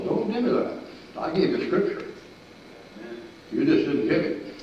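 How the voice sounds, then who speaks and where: An older man preaching a sermon, telling army stories in a folksy, animated way, with sudden shouts and laughs. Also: a little high, takes it slowly, vocal fry, pauses often, a little hiss or hum. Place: church sanctuary. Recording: echoey distant church recording, dull and lo-fi.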